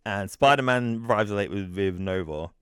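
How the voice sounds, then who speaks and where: A man's voice: on the low side, moderate pace, smooth, dry recording, clean studio sound. A man co-hosting a podcast, casually recapping a comic storyline in a rambling, self-correcting way and muttering the characters' quotes. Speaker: podcast co-host.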